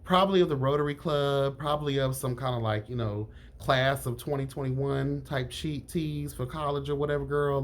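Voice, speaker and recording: A man in the middle pitch range talks straight to camera in a sassy, candid chat, sprinkling honey and girl through his lines. His voice jumps higher whenever he stresses a point, then settles back down. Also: moderate pace, few pauses. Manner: lively pitch jumps on emphasis. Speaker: reality TV reviewer. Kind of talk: casual chat.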